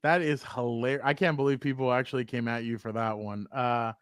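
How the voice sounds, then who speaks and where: A man's voice: medium pitch, fairly even intonation, brisk, clear, resonant tone, dry recording, studio quality. A man co-hosting a sports podcast, casual and playfully teasing his partner.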